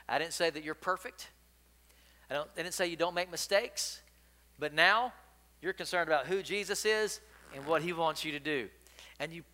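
Emphatic bright-voiced male preacher. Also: high-pitched. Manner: emphatic, repetitive. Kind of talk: sermon with storytelling.

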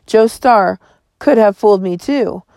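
A woman voicing a steady, protective mother who speaks in a firm, calming, measured way. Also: mid-range voice, dry recording, clean studio sound, close to an everyday voice.

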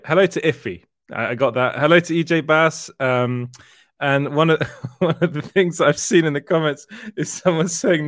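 A man's voice: fairly high pitch, no echo, studio quality. Rambling British man hosting a livestream. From Britain. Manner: rambling, self-correcting, laughs often. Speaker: host. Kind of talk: casual livestream chat.

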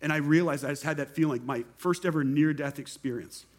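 A man's voice: on the high side, fairly quick. A young man, a pastor, giving a sermon testimony and acting out the voices of the people in his story. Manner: animated storytelling, acts out quoted voices.

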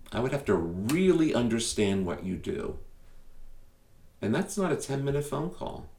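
Gravelly-voiced man talking to listeners. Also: on the low side, darkish tone, recorded from a distance. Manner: emphatic, conversational, rhetorical questions. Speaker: podcast host. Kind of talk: direct-to-listener podcast monologue. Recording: echoey room, a bit off mic.

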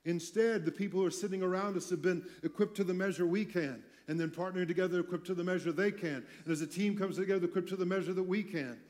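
A man's voice: high voice, steady tone, fast talker, few pauses, darkish tone. A man pastor giving a conversational sermon in a church, mixing teaching with self-deprecating jokes. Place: church sanctuary.

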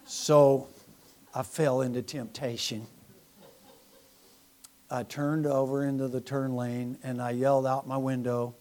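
A man preaching a sermon as pastor, animated and sarcastic, swinging from loud preaching to quiet asides. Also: medium pitch, unhurried, pauses often. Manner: mocking, sarcastic humor.

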